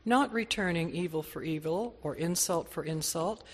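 A woman reading scripture aloud in church in a measured, careful way. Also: lowish voice, big-room sound, a little hiss or hum. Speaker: scripture reader. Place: church sanctuary.

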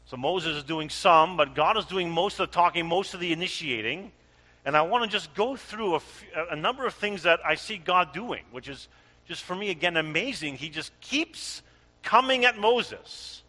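Animated high-voiced man preaching in a hall. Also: moderate pace. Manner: animated, acts out quoted voices. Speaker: pastor. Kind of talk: sermon.

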